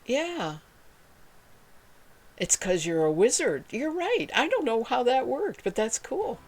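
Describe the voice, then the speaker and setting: Speaking slowly in a slightly high, sing-song voice, a woman runs a spinning livestream. She keeps things casual, rambling warmly as she reads out messages from viewers.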